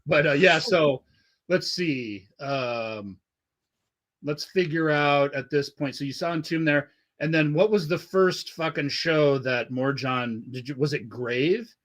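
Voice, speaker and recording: A man's voice: fairly high pitch, a little slow, a bit bright. A man hosting a podcast from Southern California, telling stories in a loose, profane way and laughing often. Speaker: podcast host. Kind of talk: casual podcast chat.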